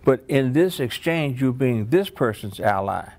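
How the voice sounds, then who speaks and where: A man's voice: mid-range voice, expressive, measured pace, a little mellow. A man leading a training workshop with upbeat, encouraging coaching.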